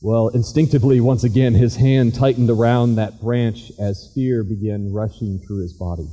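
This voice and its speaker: A man's voice: mid-range voice, fairly even intonation, normal speed, dark tone, slightly rough. A man preaching a sermon as pastor, chatty with the congregation and telling a dramatic story. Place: church sanctuary. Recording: echoey church hall.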